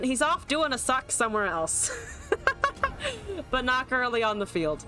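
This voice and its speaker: Pausing often in a higher-pitched voice at normal speed, a young adult streamer gives animated commentary on her card game. She laughs, swears and reads out chat to respond, while faint music plays in the background.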